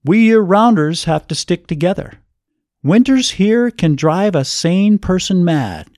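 A woman's voice: fairly low pitch, animated, unhurried, a little mellow, dry recording, studio quality, voice pushed up. A man voicing a shy, lonely woman innkeeper in a storybook reading. She speaks in a hesitant, eager way.

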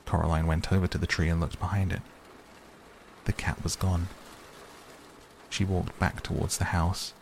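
Deep, gravelly, slow-reading man. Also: little pitch movement, a little hiss or hum. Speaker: audiobook narrator. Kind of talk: scripted narration.

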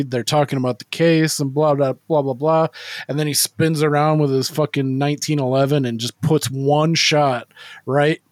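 A man's voice: a little high, no echo, clean studio sound. A man co-hosting a movie podcast, talking in a rambling, profane, casual way with lots of fillers. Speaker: podcast co-host. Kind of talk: casual movie-review chat.

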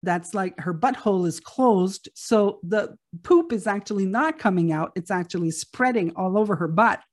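A woman's voice: mid-range voice, normal speed. A middle-aged woman telling a personal story in a casual, chatty way, laughing now and then between lots of fillers.

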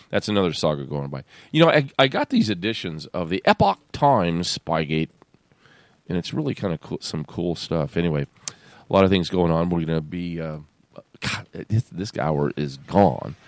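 A man's voice: sits low, sing-song, unhurried. A man hosting a talk radio show, reading and commenting in a sarcastic, rambling way with laughs. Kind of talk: casual talk radio monologue.

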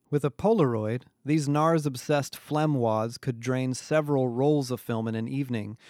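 A man's voice: medium pitch, a little mellow, dry recording, clean studio sound. A man reading a first-person story aloud in a wry, sardonic manner. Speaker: audiobook narrator. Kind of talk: scripted first-person narration.

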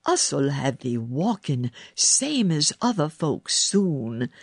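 A woman reading a storybook voices a calm, kind country boy. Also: low-pitched, takes it slowly, husky, dry recording, clean studio sound, heavily acted. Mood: calm steady. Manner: calm, steady, plain-spoken.

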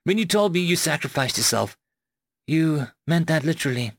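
A man's voice: on the high side, lively intonation, normal speed, voice pushed up. A man voicing a caring, worried young woman. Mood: searching. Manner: anxious, insistent questioning.

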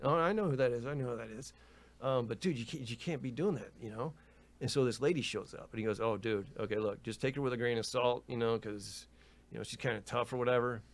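This guest on a laid-back podcast talks fast in a mid-range voice, spinning a story peppered with swearing, laughter, "dude," and "you know." Animated throughout, he laughs and raises his voice to play out what others said.

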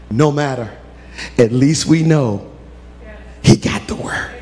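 A man preaching a sermon as a story, emphatic, with call-and-response and rising to shouts. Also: medium pitch, takes it slowly, long pauses.

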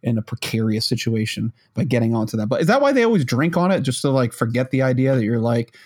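A man's voice: mid-range voice, big pitch swings, quick pace, a little mellow. A man in casual chat, rambling and self-mocking, with lots of fillers and swearing.

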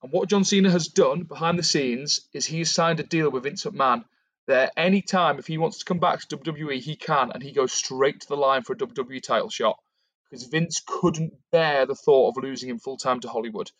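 Animated male podcaster telling a story. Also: a little high, fairly quick, dry recording. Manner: animated, acts out quotes while retelling. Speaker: podcast co-host. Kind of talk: casual storytelling about a fantasy wrestling storyline.

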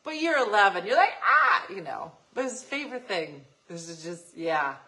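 Chatty lady host with a bright voice, laughs a lot, big swings up and down while she tells stories. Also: mid-range voice, normal speed, poor audio. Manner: animated and laughing, acts out voices in anecdotes. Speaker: radio show host. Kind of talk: casual chat, storytelling.

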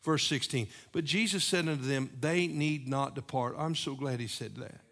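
A man preaching a sermon as pastor, moving between emphatic raised passages and hushed, repeated lines. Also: mid-range voice, moderate pace. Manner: preaching with swings from loud emphatic peaks to hushed, repeated phrases.

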